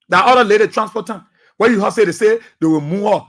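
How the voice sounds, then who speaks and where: Fiery Liberian radio host, high husky voice. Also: male voice, quick pace. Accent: Liberian English. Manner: impassioned, preachy, repeats phrases, shouts at times. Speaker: radio talk show host. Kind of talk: fiery political radio commentary.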